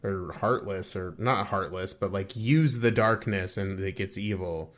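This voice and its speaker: Rambling young man with a low voice. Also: a bit bright. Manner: rambling, halting with many fillers. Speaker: podcast co-host. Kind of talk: casual chat recapping a video game.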